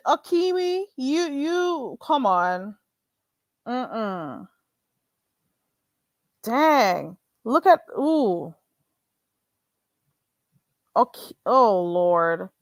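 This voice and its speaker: A woman hosting a live stream, chatting in an animated, gossipy way with callers. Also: no room sound, studio quality. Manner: animated, gossipy, mimics others in a high voice. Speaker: livestream host. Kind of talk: casual live-stream chat.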